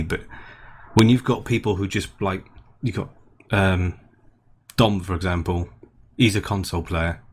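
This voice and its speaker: A man's voice: lowish voice, normal speed, husky. A man co-hosting a gaming podcast in casual chat, rambling and restarting his sentences. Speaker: podcast co-host.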